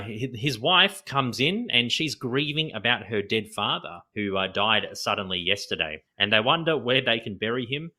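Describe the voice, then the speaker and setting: A male podcast co-host with a lowish voice and a bright, forceful edge. He talks in a loose, casual way, walking through scenes and laughing often.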